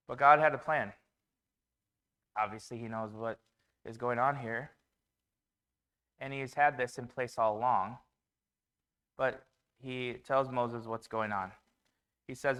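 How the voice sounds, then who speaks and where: A man's voice: medium pitch, fairly even intonation, normal speed, a bit bright, clean tone. A man preaching a conversational sermon in a church, with fillers and restarts.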